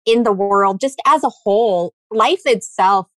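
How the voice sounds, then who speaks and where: A woman in casual podcast chat, animated and acting out quoted lines as she tells stories. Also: mid-range voice, a little slow, dry recording.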